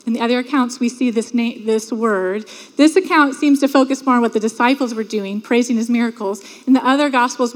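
A woman preaching a sermon in a church, talking earnestly and conversationally and acting out the voices of the crowd. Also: a little high. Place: church sanctuary. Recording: long hall reverb.

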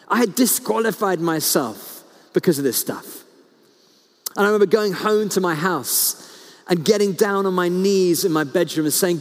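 A male pastor preaching a sermon, telling stories earnestly and slowing down to stress key words. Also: high voice. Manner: earnest storytelling, slows down for emphasis, frequent restarts. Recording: long hall reverb.

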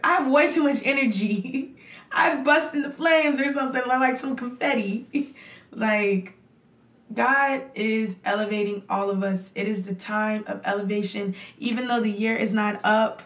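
A woman guest on a podcast, chatting excitedly and gushing with thanks, laughing often. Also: fairly high pitch, a little slow. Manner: gushing, exuberant, with frequent laughs and "y'all". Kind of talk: excited casual chat. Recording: echoey room.

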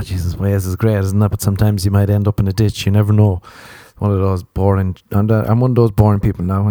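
A man's voice: deep voice, mellow, dry recording, clean studio sound. An Irish man in his thirties hosting a podcast, rambling through a sweary, self-mocking comic monologue. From Ireland. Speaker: podcast host. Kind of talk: casual comedic monologue.

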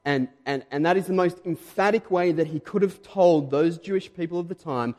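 A man with an Australian accent preaching a sermon, his voice pitched a little higher than most men. He talks to the congregation conversationally, then leans hard into the points that matter. The sound carries a long reverb from a church hall. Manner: emphatic, conversational, quickly louder when stressing points.

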